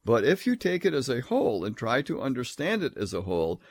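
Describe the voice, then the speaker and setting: A man's voice: mid-range voice, huge pitch swings, husky, no echo. Emphatic man lecturing on scripture. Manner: emphatic, reads scripture aloud in a measured solemn tone. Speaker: Bible teacher.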